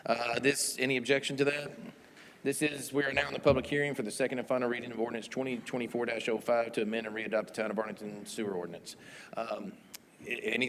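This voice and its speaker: A man's voice: medium pitch, a bit bright, big-room sound, slight background noise. A man chairing a town board meeting as mayor, rattling through motions and votes.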